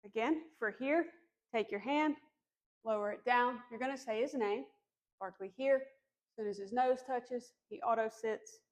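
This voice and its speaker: Calm, encouraging woman dog trainer. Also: fairly high pitch, unhurried. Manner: calm, encouraging, firm on commands. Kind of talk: instructional demonstration.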